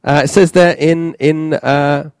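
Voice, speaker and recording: A man preaching a sermon in a church, halting, with many fillers and restarts. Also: a little high, fairly even intonation, darkish tone, clear, resonant tone, no room sound.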